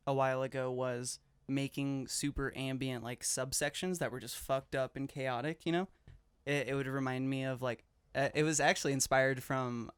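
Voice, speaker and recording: A man's voice: mid-range voice, smooth, dry recording. A man hosting a casual music-production podcast, easygoing and chatty, humming along as others talk. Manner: laid-back, lots of agreeing hums. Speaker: podcast host. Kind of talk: casual chat.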